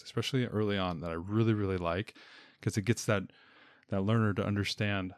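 A man's voice: fairly low pitch, steady tone, fast, no room sound, studio quality. A man, a homeschooling parent, talking casually about a reading program, often restarting and repeating words. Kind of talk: casual podcast chat.

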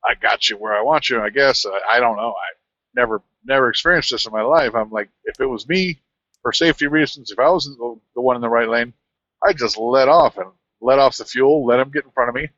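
A man, a truck driver, telling a rambling, animated anecdote in casual conversation. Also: medium pitch, a little fast, no room sound, lo-fi sound. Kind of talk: casual storytelling.

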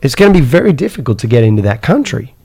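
A man voicing a blunt, brisk woman aid worker, speaking with incredulous directness. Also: medium pitch, sing-song, creaky, dark tone, slightly rough, pitched above the performer's own voice, full character voice.

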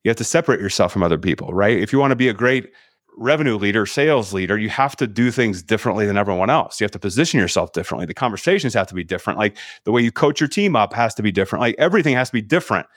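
A middle-aged man with a fairly low voice, guesting on a podcast as a coach. He tells his story with energy, acting out each side of the conversation. The sound is dry and close, with no room echo. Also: rapid-fire. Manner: animated storyteller acting out dialogue. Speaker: guest, sales leadership coach.

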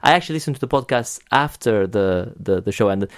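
A man's voice: fairly low pitch, lively intonation, fast, no room sound, clean studio sound. A man hosting a podcast in casual chat, talking enthusiastically with many restarts and casual swearing. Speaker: podcast host.

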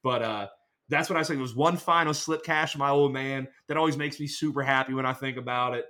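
A man in casual podcast chat, telling a rambling, animated story. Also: medium pitch, brisk.

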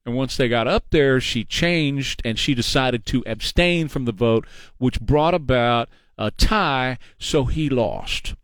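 A man's voice: medium pitch, smooth, no echo, studio quality. A man hosting a talk radio show, blunt and mocking in his opinions. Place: radio studio. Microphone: studio microphone.

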